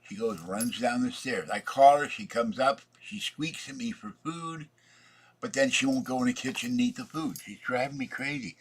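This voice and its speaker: A man's voice: mid-range voice, normal speed, husky. A man rambling through a casual vlog, chatty and meandering, talking to himself as he works at his computer. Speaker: vlogger.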